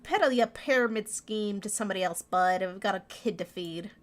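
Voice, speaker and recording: A woman voicing a gruff, fed-up working mother in a game, brusque and dismissive. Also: medium pitch, a little fast, soft background music, close to an everyday voice.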